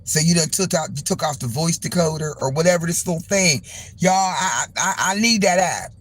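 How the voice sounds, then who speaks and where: A woman hosting a live stream, telling a story in a loose, profane, animated way and acting out other people's voices. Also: on the low side, fairly quick, slight background noise. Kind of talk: casual storytelling to a live chat.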